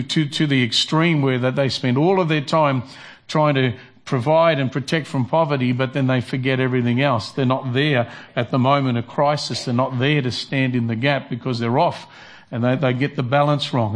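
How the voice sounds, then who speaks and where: Aussie pastor guy giving a sermon, talks loose and restarts a lot, medium voice. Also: mid-range voice. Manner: conversational, halting preaching with many restarts.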